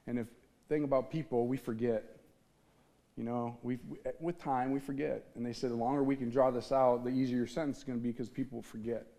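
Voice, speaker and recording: A man's voice: mid-range voice, fairly even intonation, brisk, dark tone. A man from the Midwest giving an earnest testimony talk on stage, telling his story with feeling and acting out the voices he quotes. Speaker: speaker. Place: on stage before an audience.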